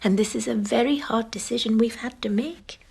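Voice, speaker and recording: An actress playing a gentle social worker in a TV drama, speaking in a soft, hushed, persuasive way. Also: female voice, on the high side, fairly quick, gravelly, husky, exaggerated voice.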